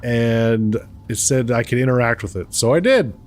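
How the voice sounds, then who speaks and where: A man's voice: medium pitch, lively intonation, normal speed. Chatty man giving game commentary, laughing often. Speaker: gaming channel host. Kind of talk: let's play commentary.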